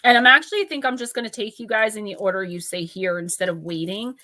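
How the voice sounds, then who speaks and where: A woman's voice: mid-range voice, steady tone, quick pace, sharp tone, no echo. A woman giving blunt, playful oracle card readings to viewers on a live stream, reading their names out in lists. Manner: blunt, playful, lightly profane.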